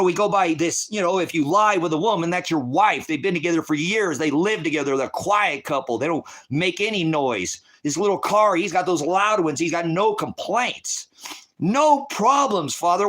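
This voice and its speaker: A man's voice: fairly high pitch, lively intonation, normal speed, a bit bright. Tearful, impassioned man pleading in prayer. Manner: impassioned and pleading, with repeated questions. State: tearful, emotionally distraught. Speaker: ministry preacher. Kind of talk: emotional spoken prayer to a congregation.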